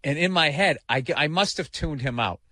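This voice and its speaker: A man tells profane stories on a radio talk show, his voice bright and forceful. He sits close to a dry studio microphone and now and then breaks into loud shouted impressions. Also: a little high, brisk, no room sound. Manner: profane storyteller, animated bursts of shouting impressions.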